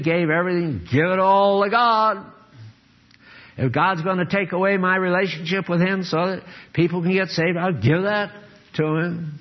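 Slow-preaching older man, lo-fi. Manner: earnest, emphatic, swings between low grave tones and raised exhortation. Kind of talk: sermon.

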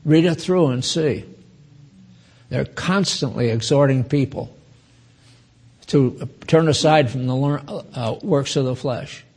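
A man in his nineties giving an informal Bible teaching, slow and chatty, with asides to his listeners. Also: mid-range voice, darkish tone, breathy edge. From United States. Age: 90s.

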